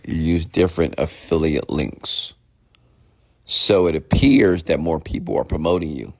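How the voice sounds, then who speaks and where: Host, male, very low voice, loose unscripted rant, dry close sound. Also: creaky, dry recording. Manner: casual, repetitive, peppered with "okay?" and "get it?". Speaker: online marketing host.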